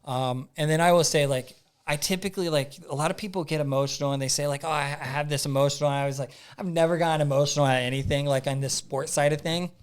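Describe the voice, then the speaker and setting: A man telling a story as a podcast guest in a casual, animated way, acting out his own thoughts and using lots of fillers. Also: a little high, quick pace, hardly any pauses, clear, resonant tone. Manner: frequent "like" fillers and repeats.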